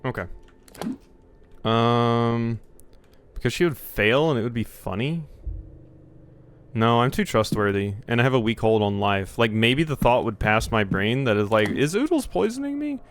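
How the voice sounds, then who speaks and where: A man's voice: medium pitch, a little slow, pauses often, slight background noise. Rambling, swearing young male streamer. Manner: rambling, jokey, swears, reads game text aloud. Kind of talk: casual live-stream chat while gaming.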